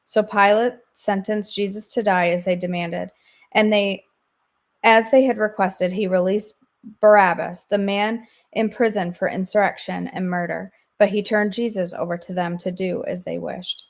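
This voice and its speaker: A woman hosting a daily devotional, reading scripture aloud in a steady, measured way. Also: mid-range voice. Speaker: devotional host.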